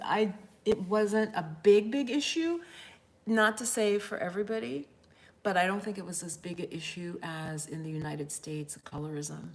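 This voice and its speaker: Woman, Jamaican accent, fifties, lower voice, animated storytelling, live-stream chat. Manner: animated storyteller, acts out quotes, laughs often. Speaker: spiritual life coach.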